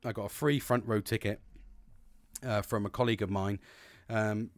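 A man's voice: lowish voice, fairly even intonation, normal speed, no room sound, faint music behind. A British man talking in a rambling, earnest monologue, swearing constantly. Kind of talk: casual monologue.

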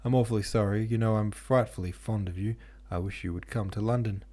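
A man's voice: on the low side, fairly even intonation, brisk, mellow, lightly acted. Man reading as a polite awkward young man. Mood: apologetic. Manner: polite, apologetic.

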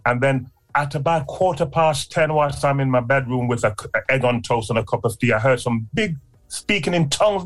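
A man in his sixties giving an emotional faith testimony, animated and vivid, his voice leaping up when he acts out what others said. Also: a little fast. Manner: animated storyteller, voice leaps high when acting out voices. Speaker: guest sharing testimony.

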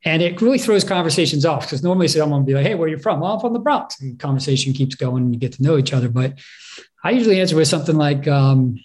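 Man, spoken personal story, reflective, halting, medium pitch. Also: darkish tone. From England. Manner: reflective, halting, many restarts. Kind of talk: personal story told on stage.

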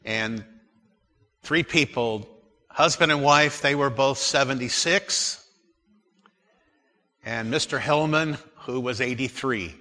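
A man in his sixties preaching a sermon as a pastor, earnest and unhurried as he reads scripture aloud. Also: mid-range voice, sharp tone, long reverb tail.

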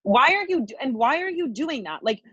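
A woman's voice: high voice, big pitch swings, fairly quick, fairly bright tone, husky, dry recording, dull audio. A woman co-hosting a podcast, ranting heatedly with constant swearing and filler likes. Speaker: podcast co-host. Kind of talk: angry political rant.

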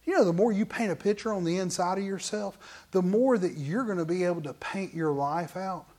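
A man pastor preaching a sermon in an animated, conversational way, full of asides to the congregation. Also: high-pitched, brisk. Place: church.

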